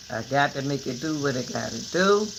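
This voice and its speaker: Brief: older woman, vlogger, folksy and animated, lecturing her viewers; faint crickets behind. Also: rumbling low, vocal fry, slight background noise, poor audio. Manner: animated, preachy, folksy advice. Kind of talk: casual vlog talk.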